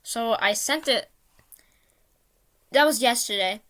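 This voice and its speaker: A woman's voice: fairly high pitch, slow, a bit bright. A woman vlogger telling a casual, rambling story with lots of fillers, often mocking herself.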